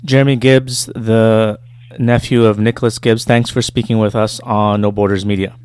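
A man hosting an interview, asking questions and reading a scripted outro in a calm, measured way. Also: lowish voice, clear, resonant tone. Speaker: interviewer and show host.

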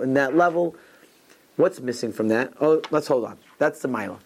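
A man's voice: medium pitch, lively intonation, moderate pace, breathy edge. Man teaching an informal Torah class. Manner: digressive storytelling with Hebrew and Yiddish terms; frequent restarts and asides.

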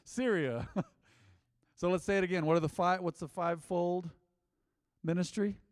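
Male pastor, lively interactive sermon, teasing the crowd; close dry mic in a reverberant church. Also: high-pitched, normal speed, clean tone. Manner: lively, jokes with the congregation, repeats answers.

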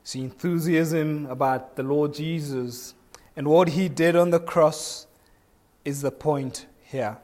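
A man's voice: on the high side, slow pace, darkish tone. A man preaching a sermon to a congregation in a conversational way, asking them questions and acting out bits of everyday talk. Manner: conversational, asks the congregation questions, acts out little voices.

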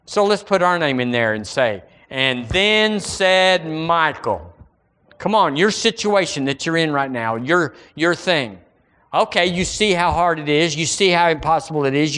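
A man's voice: a little high, expressive, normal speed, a bit bright. A male pastor with a Southern American accent preaching a sermon, reading scripture in a lifted, dramatic voice between folksy, conversational asides. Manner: reads scripture aloud in a lifted, dramatic voice between plain remarks.

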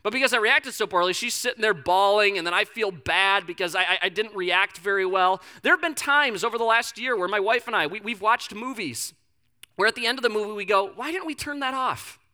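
A man in his thirties preaching a sermon with a bright, forward voice. He talks like he is chatting with friends, telling stories about his own mistakes, then drops to a hushed, earnest tone. His rhythm is loose, with quick restarts and repeated words. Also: high voice. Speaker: pastor.

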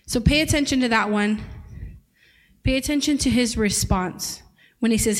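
A woman's voice: on the high side, a little slow. A woman preaching a sermon to a church congregation in a conversational, playful way, reading scripture and joking with the room. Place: church service.

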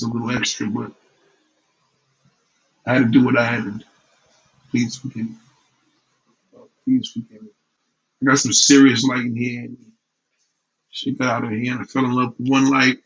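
Male streamer, heated profane rant to chat, mid-pitched voice, slightly dull lo-fi sound. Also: little pitch movement, a little fast, pauses often, a bit bright. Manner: profane, heated and confrontational, slangy and repetitive. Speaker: livestream host. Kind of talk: casual ranting vlog, reacting to chat. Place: home room with lighting setup.

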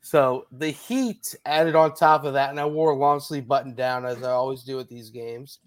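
A man hosting a relaxed sports podcast, his mid-pitched voice wandering through restarts and fillers. He sounds chatty and unpolished. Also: moderate pace. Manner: rambling, many restarts and fillers. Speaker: podcast host. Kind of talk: casual sports podcast chat.

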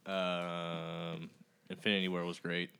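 A man's voice: low-pitched, flat delivery, takes it slowly, vocal fry, bright, forceful tone, clean tone. A man joining a casual podcast chat with brief laid-back remarks.

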